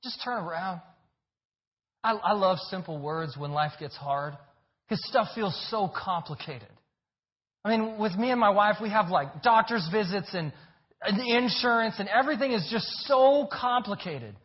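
High-voiced earnest male preacher. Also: animated, moderate pace. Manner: earnest, emphatic, repeats words and phrases. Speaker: pastor. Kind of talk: sermon. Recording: dull, lo-fi recording.

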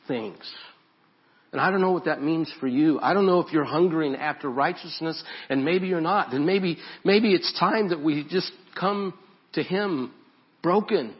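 A man preaching a sermon and leading prayer as a pastor, earnest and repeating his phrases, dropping to a hush when he prays. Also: fairly high pitch, lo-fi sound. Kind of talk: sermon and altar-call prayer. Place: church sanctuary.

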